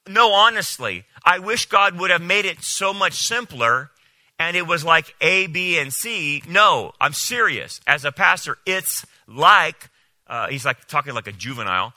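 Man, pastor, sermon, animated, incredulous, dry close sound. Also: on the high side, a little slow, no room sound. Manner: animated, incredulous, mocking quoted speech.

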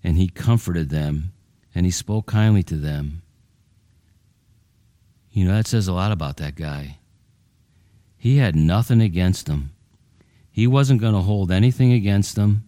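A man's voice: unhurried, long pauses, warm tone, no room sound. A folksy preaching man with a dry sound. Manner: folksy, full of "you know" and repeated words, pitch climbing when emphatic. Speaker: pastor. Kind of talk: conversational sermon.

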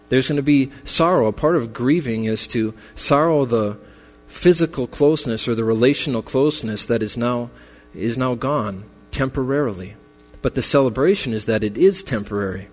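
A man's voice: mid-range voice, normal speed, hardly any pauses. A man preaching a memorial sermon as pastor, earnest and consoling, his voice building in intensity. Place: church sanctuary. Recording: long reverb with faint music.

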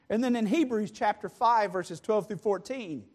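A man preaching a sermon, moving from calm, plain teaching into impassioned, shouted pleas. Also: sits high, normal speed, few pauses.

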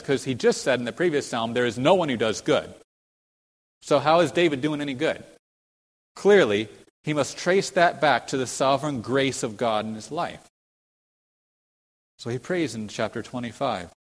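A male pastor delivers a sermon in an earnest, explanatory way, often asking his congregation questions. His voice sits at an ordinary middle pitch, and the long reverb of a church sanctuary trails after his words. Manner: builds to fervent, high-pitched emphasis when quoting scripture.

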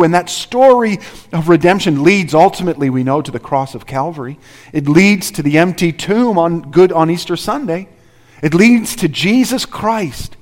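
A man's voice: fairly high pitch, expressive, moderate pace. A man preaching a sermon as pastor, earnest and driving his points home with repeated rhetorical questions. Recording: reverberant hall.

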